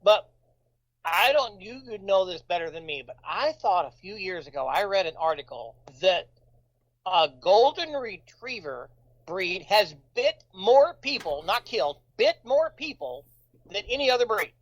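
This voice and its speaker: A man, a coroner guest in casual chat, halting and hedging with restarts. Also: high-pitched, sing-song, fairly bright tone, dull audio.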